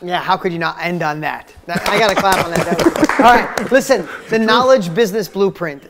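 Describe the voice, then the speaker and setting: Lower-voiced woman host presenting a course. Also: a little fast, heavy background noise. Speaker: host of the training.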